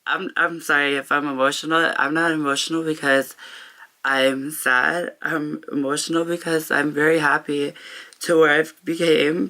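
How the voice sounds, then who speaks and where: Bright-voiced young woman, halting and heartfelt. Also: low-pitched, level tone. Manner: halting, with frequent pauses and restarts; heartfelt and open. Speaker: vlogger. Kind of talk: reflective personal vlog talk.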